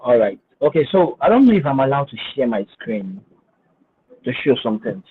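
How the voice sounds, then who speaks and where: Man, webinar finance speaker, husky, tinny line, repeats words. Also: mid-range voice, big pitch swings, normal speed. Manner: hesitant, repeats words, then explains with emphasis. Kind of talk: webinar talk with screen share. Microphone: video call.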